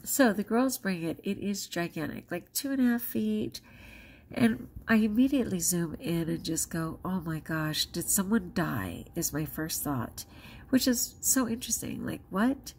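A schoolteacher and vlogger, a woman, tells a personal story out of breath, expressive and dramatizing quotes with big jumps in pitch. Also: normal speed, slight background noise.

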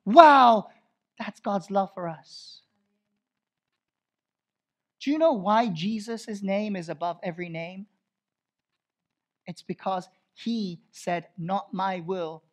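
Male pastor, sermon, high voice, unhurried delivery, loud proclaiming then hushed, repeats phrases.

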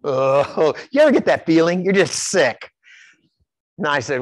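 A man from Iowa preaches in a church, spinning folksy personal stories. His pitch swings widely as he tells them. The sound is dry and close. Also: a little slow, pauses often, dry recording. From Iowa, USA. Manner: folksy storytelling, animated, repeats words. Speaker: pastor. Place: church sanctuary.

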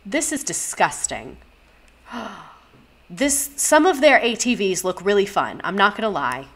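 A young woman hosting a casual livestream, reacting to house listings with animated gasps, swearing and constant asides to her chat. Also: mid-range voice, unhurried. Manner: animated, gasping, profane, talks to chat directly. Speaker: livestream host.

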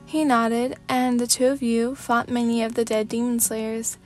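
A woman narrating a fanfic as a sleepy ASMR reading, in a calm, steady storybook manner. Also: fairly high pitch, moderate pace, few pauses, faint music behind.

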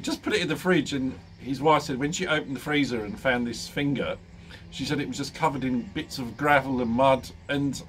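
A man's voice: mid-range voice, a little hiss or hum. A man vlogging casually, telling a funny story with lots of ums and laughing often. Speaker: motorcycle vlogger.

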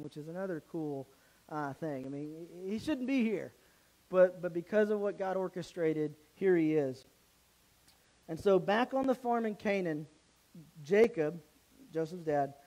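A man preaching a sermon in a church, retelling a story in a casual, animated way with many restarts. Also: sits high, poor audio. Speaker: pastor.

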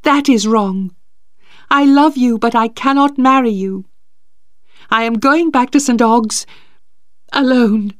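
A reader voicing an unhappy young woman, speaking slowly and a little higher than the narration. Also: dry recording, lightly acted. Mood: firm. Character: unhappy young woman, gentle but firm.

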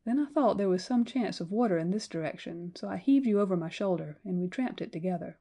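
A woman's voice: medium pitch, lively intonation, quick pace, warm tone. A woman doing a parched frontier man. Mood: grim. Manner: folksy drawl, tender to the child. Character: worn-out frontier man, dying of thirst.

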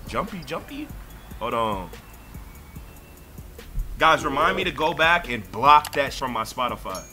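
A young man giving profane, excitable live commentary while playing a video game, ranting and breaking into sudden shouts. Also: mid-range voice, unhurried, faint music behind. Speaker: gaming streamer.

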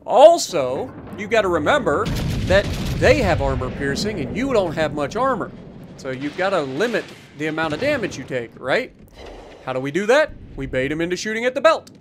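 High-pitched guy doing sarcastic game commentary, super lively and up-and-down delivery. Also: normal speed, a little hiss or hum. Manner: sarcastic, chatty, teasing. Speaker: gaming YouTuber. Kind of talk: casual gameplay commentary.

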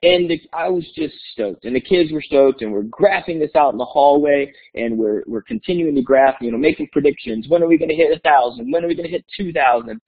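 Man, teacher, webinar storyteller, lively swooping delivery, slightly husky voice. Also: on the high side, a little fast, hardly any pauses. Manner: energetic, enthusiastic, acts out voices in his story. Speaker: teacher presenting to educators. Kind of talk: animated storytelling presentation. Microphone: webinar call mic. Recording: tinny phone-like webinar audio.

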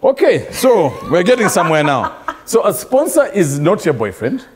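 Animated man hosting. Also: sits high, moderate pace, a crowd in the background. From Uganda. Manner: animated, quizzing, laughing. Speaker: podcast host. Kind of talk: casual chat.

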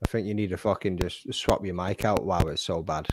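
A man's voice: deep voice, a little fast, background noise. A man hosting a podcast, chatting casually with sweary, teasing banter. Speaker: podcast host. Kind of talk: casual watch-along chat.

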